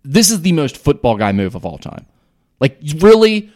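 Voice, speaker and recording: Brief: American male co-host, higher-pitched, disbelieving and chatty in a casual sports discussion. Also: very animated, darkish tone. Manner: incredulous, quick questions. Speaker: podcast co-host.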